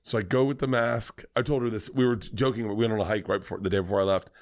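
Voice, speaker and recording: Low-voiced man telling a story. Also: quick pace. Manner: animated, profane, fillers like "like". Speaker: comedian guest on a podcast. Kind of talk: casual storytelling.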